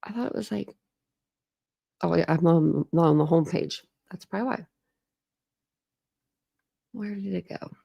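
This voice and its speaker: A woman's voice: lowish voice, normal speed, vocal fry, pauses often, dark tone, slightly rough. A young woman hosting a true crime channel, chatting casually and rambling to her livestream viewers, full of "like"s and restarts.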